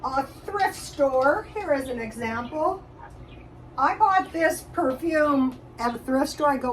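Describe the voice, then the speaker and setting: A woman's voice: high voice, lively intonation, slow. An older woman vlogging casually from her kitchen, chatty and rambling, with lots of fillers and restarts. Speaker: YouTube vlogger. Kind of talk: casual cooking and budget chat. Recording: distant mic with faint background noise.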